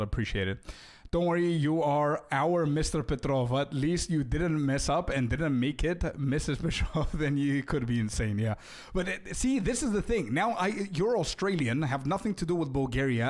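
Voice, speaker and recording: Laid-back young man streamer, chatty. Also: on the high side. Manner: laughs often, halting restarts, calls people bro and dude. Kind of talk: casual livestream chat, thanking donors.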